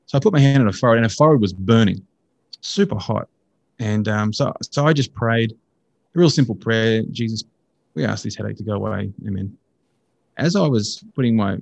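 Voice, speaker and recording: An Australian man telling a personal faith story in a casual, earnest and excitable way. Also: brisk, muffled recording. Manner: earnest, excitable, jumps into high voices for quotes.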